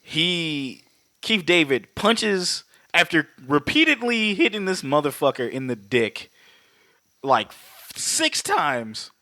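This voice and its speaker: A man co-hosting a podcast, excitedly recapping a movie fight with lots of swearing, laughter and acted-out quotes. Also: a little high, takes it slowly, no echo. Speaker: podcast co-host. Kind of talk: casual profane movie recap.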